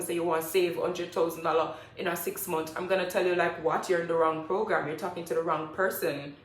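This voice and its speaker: A young woman talks straight to camera, blunt and forceful, pressing her points again and again. Her voice sits fairly low. The room around her gives a noticeable echo. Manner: blunt, emphatic, lecturing. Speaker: personal finance vlogger. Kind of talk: direct-to-camera motivational talk. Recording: echoey room.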